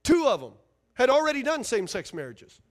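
A man's voice: very high voice, sing-song, brisk. A man preaching a sermon as pastor, emphatic and fiery, firing rhetorical questions at his congregation.

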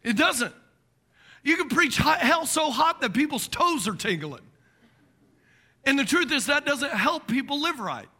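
A middle-aged pastor preaches a sermon in a very high voice, animated and full of jokes. He acts out quoted voices and slips into muttered asides, speaking unhurriedly with long pauses.

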